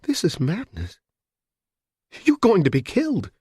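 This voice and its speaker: A man's voice: high voice, wildly swooping pitch, measured pace, warm tone, slightly rough, dry recording, clean studio sound, voice pushed up, heavily acted. A man putting on a frightened female hostage. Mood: distressed. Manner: miserable and pleading.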